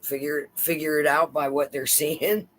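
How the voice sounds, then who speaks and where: A man's voice: a little high, level tone, normal speed, a bit bright. An older man chatting casually and teasing on a livestream. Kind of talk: casual chat.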